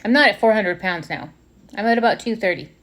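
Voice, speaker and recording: A woman in her fifties talking candidly and emotionally in a personal reflective monologue, pausing and restarting as she goes. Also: mid-range voice, fairly bright tone. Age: 50s. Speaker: vlogger.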